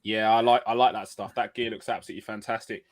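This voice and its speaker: A man hosting a football podcast in an excited, chatty way, full of energy as he brings in his co-hosts. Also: on the low side, fast talker. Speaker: podcast host. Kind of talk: excitable casual podcast chat.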